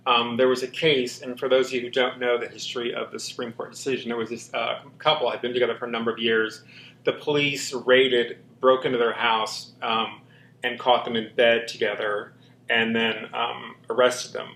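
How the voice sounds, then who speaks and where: An interview guest with a slight lisp tells his personal story openly and earnestly, often saying "um" and restarting. His mid-range voice is creaky, a bit bright, level in tone and moderately paced. He's indoors in a walk-in closet, with roomy echo and a little hiss or hum.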